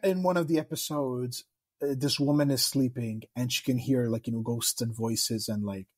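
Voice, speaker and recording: A man's voice: medium pitch, fairly even intonation, normal speed, a little mellow, husky. A young man in his twenties, a podcast guest chatting casually and a bit hesitantly. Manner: hesitant, laughs along. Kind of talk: casual chat.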